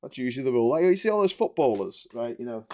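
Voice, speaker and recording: A man's voice: medium pitch, sing-song, quick pace, mellow, a little hiss or hum. A man in his forties, hosting a casual live stream and rambling animatedly, with the odd swear. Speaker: livestream host. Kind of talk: casual live-stream chat while building.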